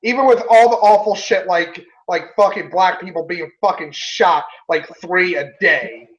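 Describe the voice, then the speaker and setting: A man's voice: high voice, a little slow, a bit bright, muffled recording. A man in casual chat, ranting angrily and swearing, with candy in his mouth. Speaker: guest.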